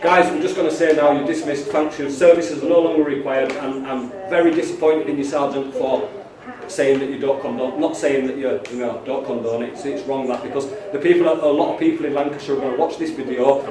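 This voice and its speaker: A man's voice: medium pitch, steady tone, brisk, distant mic, crowd noise. A man filming a confrontation with police at a station counter, talking passionately and insistently and calling everyone mate. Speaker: citizen journalist filming police. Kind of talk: heated confrontation on camera. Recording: echoey lobby, off-mic, busy background.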